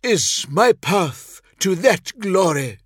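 A man voices a scheming male dark priest who burns with zeal. The figure speaks in a raised, impassioned pitch that sometimes drops to a hiss. The voice is slow and husky, recorded dry and close. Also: lively intonation, dry recording, heavily acted. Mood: zealous. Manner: impassioned, rising, hissing.

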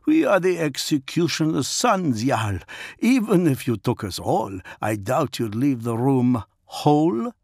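Guy voicing a proud warrior envoy, loud and declamatory, raspy and dry. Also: mid-range voice, very animated, a little slow, no echo. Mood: defiant. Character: gruff male warrior envoy, bold and proud.

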